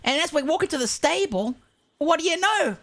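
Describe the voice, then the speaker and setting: A woman's voice: sits high, brisk, voice pushed up. A woman playing a foul-mouthed young outlaw. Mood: brash. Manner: swears constantly, animated storytelling. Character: brash young male outlaw, cursing, boastful. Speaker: roleplay streamer. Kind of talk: in-character roleplay storytelling.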